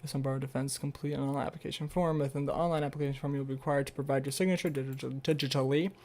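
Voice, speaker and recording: A man's voice: mid-range voice, fairly even intonation, racing, darkish tone. A young man on a casual livestream, reading an article aloud with stumbles and rambling, sarcastic asides full of swearing. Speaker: streamer.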